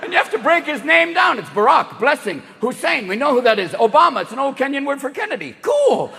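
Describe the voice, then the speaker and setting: A male stand-up comedian performing a manic, rapid-fire, profane set that keeps jumping into voices, on stage in a large theater. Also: very high-pitched, very animated, creaky, slight background noise. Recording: echoey hall with loud audience.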